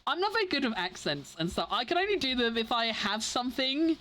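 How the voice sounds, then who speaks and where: Very animated and fairly quick, a young woman with an English accent rambles to her stream viewers, interrupting herself and leaning on fillers and restarts. Her voice is a little high with a fairly bright tone.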